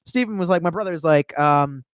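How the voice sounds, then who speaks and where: A man's voice: on the high side, moderate pace, clear, resonant tone, no room sound. A man in his thirties on a livestream telling rambling, profane stories and laughing at his own tangents. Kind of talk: rambling storytelling.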